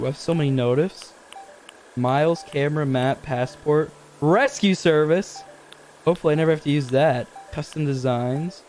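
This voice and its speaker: A young man streams a video game live, reading on-screen text aloud and breaking into excited, high-pitched exclamations.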